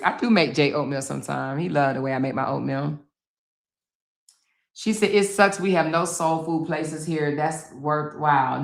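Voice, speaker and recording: A middle-aged woman chats through a casual livestream from home, exclamatory and talking straight to her viewers. Her voice sits a little low, and the room rings around her. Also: a bit bright. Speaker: livestream host. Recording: roomy echo.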